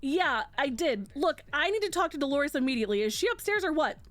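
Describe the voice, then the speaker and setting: A man's voice: very high-pitched, sing-song, brisk, a bit bright, no room sound, full character voice. A woman voicing a blunt, lustful young male demon from a romance novel she is reading aloud, in a brusque, impatient manner.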